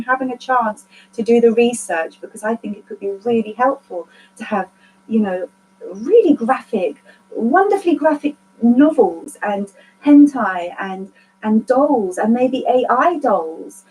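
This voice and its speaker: A woman talks to her support group, earnest and rambling, and swears freely as she goes. Her voice sits a little high. A faint hum runs under her webcam audio. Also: darkish tone, low-quality recording. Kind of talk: candid casual group talk.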